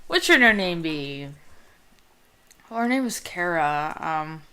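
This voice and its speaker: A woman's voice: on the low side, big pitch swings, slow pace, sharp tone, clear, resonant tone. A woman hosting a let's play from a room at home, rambling casually and reading game text aloud. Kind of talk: casual gameplay commentary.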